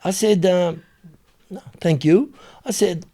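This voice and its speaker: A man with a French accent, a native French speaker, telling a story as an interview guest in an animated way and pausing to search for English words. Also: high voice.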